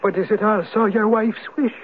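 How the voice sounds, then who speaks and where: An actor playing an ancient Viking spirit turned Irish hermit who speaks in a measured, knowing, gently probing way, in a 1970s radio drama. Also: male voice, high-pitched, fairly even intonation, lightly acted. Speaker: Old Man of the Rock. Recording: tinny lo-fi old radio broadcast.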